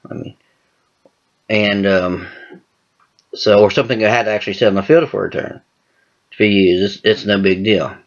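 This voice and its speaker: A man with a lowish voice rants about a card game, swearing freely and sounding fed up. The recording is dull and lo-fi, with a muffled home-video sound. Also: fairly even intonation, moderate pace, pauses often. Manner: ranting, profane, exasperated. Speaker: card game channel host. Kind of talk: casual vlog commentary.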